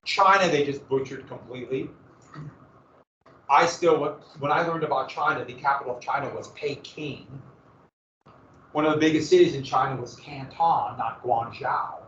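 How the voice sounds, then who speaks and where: A man's voice: mid-range voice, moderate pace, a bit bright, far from the mic, a little hiss or hum. A man teaching a history class in a casual lecture, with joking asides and dramatic emphasis. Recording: echoey, muffled classroom recording from afar.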